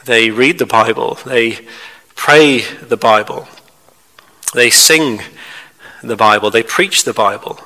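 A man preaching a sermon as a pastor, measured and emphatic, with rhetorical questions to his congregation. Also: mid-range voice, sharp tone, in a large hall, rough recording. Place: church.

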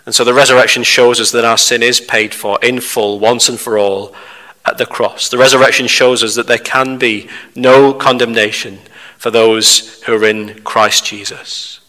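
The recording, made in a reverberant hall, captures a preacher with a mid-range voice. He speaks in a steady, measured way and keeps asking the congregation questions.

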